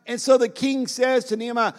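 A man's voice: very high voice, little pitch movement, a little fast, long reverb tail. A man preaching a sermon as pastor, speaking to the congregation with repeated phrases and questions.

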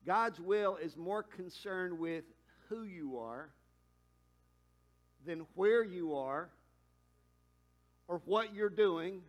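A pastor preaching a sermon in a conversational way, with quick asides and emphatic climbs. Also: male voice, sits high.

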